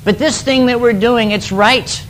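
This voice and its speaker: A man voicing a loving, forgiving father in a retold parable, speaking gently and reassuringly. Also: very high voice, steady tone, measured pace, a little hiss or hum. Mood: tender.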